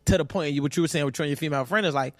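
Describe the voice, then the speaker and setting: A man co-hosting a casual podcast, speaking candidly and profanely as he gives blunt relationship advice and tells lively stories. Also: fairly high pitch, racing, dry recording. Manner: lively storyteller. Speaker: podcast co-host.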